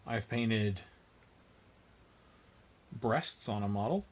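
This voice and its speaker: A man's voice: fairly low pitch, expressive, very slow. A man hosting a miniature painting livestream, chatting casually as he works and answering viewers with dry, self-mocking humor.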